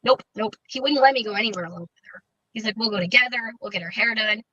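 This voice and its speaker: A woman being interviewed, recounting a personal story in a candid, halting way with many fillers and restarts. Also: mid-range voice, sharp tone, dry recording. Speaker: interview guest. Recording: dull, dry lo-fi recording.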